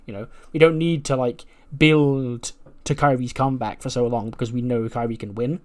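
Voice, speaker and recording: A man's voice: medium pitch, fairly even intonation, normal speed, darkish tone. A man casually narrating a wrestling management game, rambling with lots of fillers. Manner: rambling, lots of "like" and "you know". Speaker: let's play narrator.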